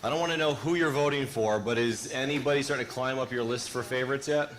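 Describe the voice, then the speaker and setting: A man runs a live food judging contest, keeping things playful and teasing the judges. His voice sits in a middle pitch. Faint ambient noise hangs behind him. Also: fast, fairly bright tone. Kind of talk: live event hosting.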